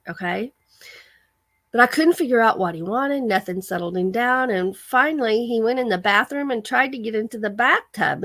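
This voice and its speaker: A woman hosts a casual livestream, chatting and telling stories in a bright, clear voice. She reads out viewer comments as she goes. The sound is dry and close, with no room echo. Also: mid-range voice. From American. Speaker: livestream host. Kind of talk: casual live-stream chat.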